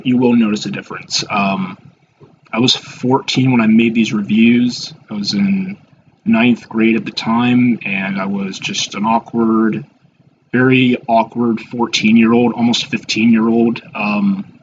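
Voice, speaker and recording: A man in his twenties giving casual, rambling and self-deprecating reaction commentary, halting with many fillers and restarts. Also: lowish voice, steady tone, muffled recording, a little hiss or hum. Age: 20s. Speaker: YouTuber reacting to his old videos.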